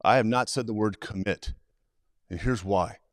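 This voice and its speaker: Low-voiced man telling animated stories. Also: moderate pace, dry recording, studio quality. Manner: animated, acts out quoted dialogue. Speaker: suicide prevention trainer. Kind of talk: live talk-show guest storytelling.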